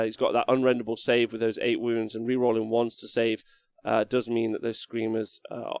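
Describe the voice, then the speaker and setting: Male commentator, relaxed and chatty, dry studio sound. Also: mid-range voice, no room sound. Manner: casual, chatty, many fillers. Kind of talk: live tabletop game commentary.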